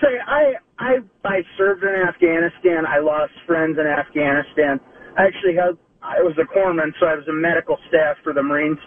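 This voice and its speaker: Male veteran caller, high and lively voice, husky, thin phone line. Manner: emotional, halting, angry. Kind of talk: call-in to talk radio. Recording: tinny phone line, distant.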